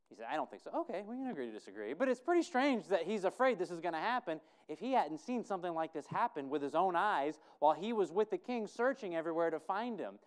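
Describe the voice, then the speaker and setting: A pastor with a high-pitched, clear, resonant voice preaches a conversational sermon, thinking aloud and putting questions to his congregation.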